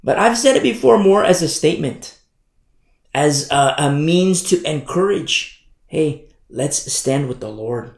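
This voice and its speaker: A male pastor preaches with a slightly high, gravelly voice. He drives his points home by repeating rhetorical questions, and the sound carries the echo of a church hall. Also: darkish tone. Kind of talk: sermon. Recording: echoey church room.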